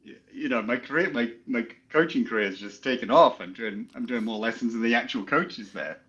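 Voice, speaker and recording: A man's voice: medium pitch, fairly quick, fairly bright tone, lo-fi sound. A man raised in England, a golf coach, telling stories in a casual interview and laughing as he goes.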